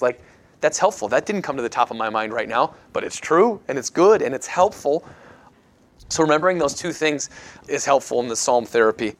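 Man, discussion leader, casual Bible talk, earnest, reflective, mid pitch. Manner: earnest, reflective, thinks aloud with restarts.

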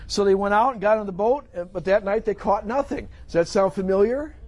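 Husky-voiced man preaching conversationally. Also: high-pitched, a little fast. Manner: conversational preaching, acts out voices of people in the story. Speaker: pastor. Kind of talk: sermon.

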